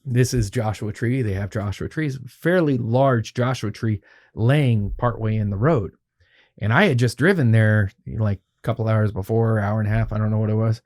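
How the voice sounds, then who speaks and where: A man telling a long, animated story as a podcast guest, swearing freely and acting out what people said. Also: on the low side, normal speed. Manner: animated, profanity-laced, acts out quoted dialogue. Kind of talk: casual storytelling.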